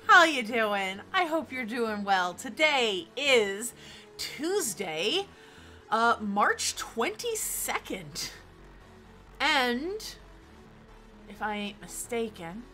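A chatty young woman talks casually to her stream, her voice bright and a little sharp. Her pitch sits fairly high and swoops around, with bursts of excited exclamation. Faint music plays quietly behind her. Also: very slow. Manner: bubbly, chatty, exclaims often. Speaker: Twitch streamer. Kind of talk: casual live-stream chat.

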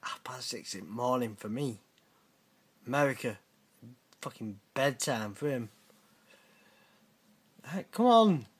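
A man's voice: medium pitch, expressive, takes it slowly, pauses often, husky. A middle-aged British man hosting a casual reaction video, blunt and sweary with teasing banter. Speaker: channel host reacting to viewer messages.

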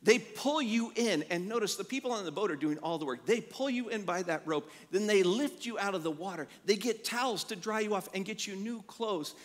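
A man preaching a sermon as pastor, telling animated stories and acting out the quotes in them. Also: sits high, fairly quick, hardly any pauses, long reverb tail. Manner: animated storytelling with acted-out quotes. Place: church sanctuary.

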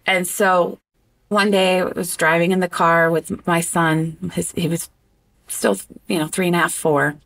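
A woman guest in a casual interview conversation who talks with animated expression and often stops on an um. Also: fairly low pitch, a little slow. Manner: animated and expressive, breaks into laughter; hesitant with frequent ums.

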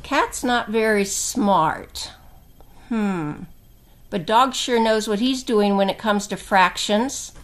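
Slow, gentle woman teacher reading aloud. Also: mid-range voice, slight background noise. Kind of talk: read-aloud to children.

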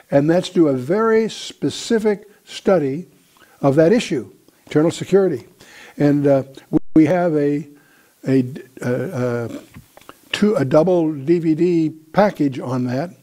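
Bible teacher, male, mellow and slightly high voice, deliberate lecture pace with pauses.

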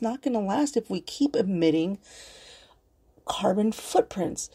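A woman's voice: on the high side, lively intonation, moderate pace, warm tone, slightly rough. A woman hosting a podcast on her own, rambling in casual chat from her computer at home, swearing freely and earnest. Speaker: podcast host.

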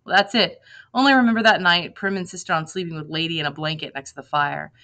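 A woman reading a novel aloud in lively first-person narration, acting out the dialogue. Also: on the low side, fast, poor audio. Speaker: reader.

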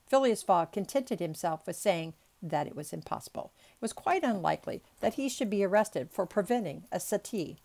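A woman's voice: mid-range voice, lively intonation, moderate pace, hardly any pauses, a little mellow. A woman reading a classic novel aloud as an amateur audiobook, making chatty asides and stumbling over unfamiliar words. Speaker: audiobook reader.

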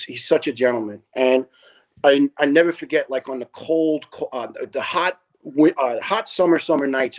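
A man in his fifties, a retired fire lieutenant and podcast guest, telling animated, profane stories in casual chat, laughing often and restarting his sentences. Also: mid-range voice. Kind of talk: casual storytelling.

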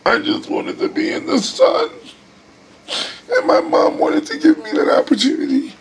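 Weary man, gravelly, near tears. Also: very high-pitched, sing-song, a little hiss or hum. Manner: emotional, sighing, halting. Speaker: vlogger. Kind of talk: personal video diary. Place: hospital room.

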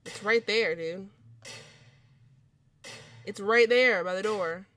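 A woman's voice: mid-range voice, slow, a bit bright, faint music behind. A young woman giving let's play commentary on horror games who swears a lot and shrieks at scares. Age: young adult. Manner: jumpy and profane, shrieking at scares. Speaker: gaming video creator.

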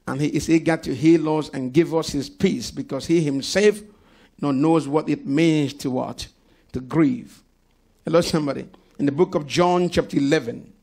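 Male pastor, gravelly, slightly high voice, preaching with congregation call-outs. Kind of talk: sermon. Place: church service.

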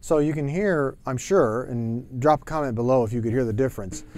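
A man teaching jazz drumming, explaining in a relaxed way with frequent fillers, in a drum studio. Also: medium pitch, brisk, soft background music. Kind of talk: instructional talk to camera.

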